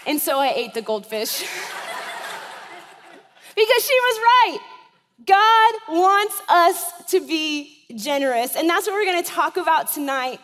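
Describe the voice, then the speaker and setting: A woman's voice: sits high, animated, measured pace, fairly bright tone, long reverb tail. A woman in her thirties preaching a sermon in a church, with a conversational style that keeps checking in with the congregation. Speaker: pastor.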